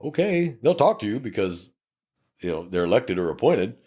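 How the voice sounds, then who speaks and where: A police officer from Texas, middle-aged and co-hosting a podcast, shares cop tales in a fairly low, slightly rough voice. He's blunt and swears a lot, bringing traffic stops to life by quickly impersonating both the angry drivers and the officers.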